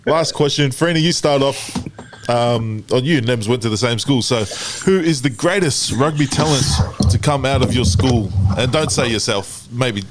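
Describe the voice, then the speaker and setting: A man with an Australian accent hosting a casual podcast, lively and quick to laugh. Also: mid-range voice. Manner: lively, laughs often, runs the segments. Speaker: podcast host. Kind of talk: casual chat. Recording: noisy call audio.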